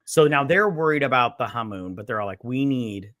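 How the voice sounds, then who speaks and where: Bright dry-voiced man recapping a film. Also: mid-range voice, expressive, fast, no echo. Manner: rambling, acts out characters' lines with swearing. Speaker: podcast co-host. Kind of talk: casual recap chat.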